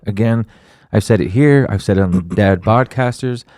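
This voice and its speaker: A man's voice: on the low side, normal speed, a little mellow, no echo, clean studio sound. A man co-hosting a podcast, talking in an earnest, rambling way, with small jokes. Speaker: podcast co-host. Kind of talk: casual chat.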